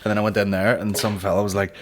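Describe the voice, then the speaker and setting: A man's voice: fairly low pitch, level tone, rapid-fire, slight background noise. A man with a Northern Irish accent, a guest on a comedy podcast, trading crude jokes in casual chat. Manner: crude, joking banter.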